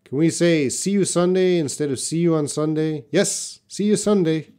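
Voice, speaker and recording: A man's voice: on the high side, normal speed, mellow, smooth. A man teaching English in a live question-and-answer class, reading out viewer comments and explaining them patiently with short example sentences.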